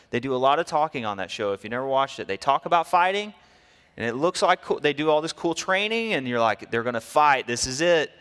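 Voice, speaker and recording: A man preaching a sermon, telling stories in a lively way and acting out the people in them. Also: medium pitch, big-room sound. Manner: storytelling, animated, acts out quotes. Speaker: pastor.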